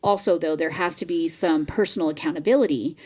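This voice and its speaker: A woman's voice: deep voice, brisk, breathy edge. A woman co-hosting a podcast in casual chat, telling stories animatedly, swearing freely and acting out what people said. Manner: animated storyteller who swears and acts out quoted lines. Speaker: podcast co-host.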